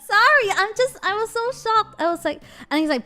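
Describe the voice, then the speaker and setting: A woman streamer in casual livestream chat, animated and giggly. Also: very high voice, moderate pace, few pauses, soft background music. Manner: animated, giggly, switches between English and Japanese.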